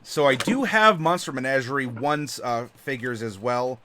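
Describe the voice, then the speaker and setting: A man's voice: medium pitch, moderate pace, sharp tone. A man hosting a casual live-stream chat, talkative and laughing often, with plenty of fillers. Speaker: channel host.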